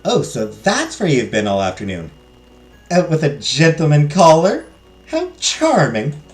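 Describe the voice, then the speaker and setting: A man's voice: on the high side, huge pitch swings, unhurried, echoey room, soft background music, pitched above the performer's own voice. A man doing a sly, mocking younger sister. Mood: teasing. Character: teasing young adult sister with a biting grin.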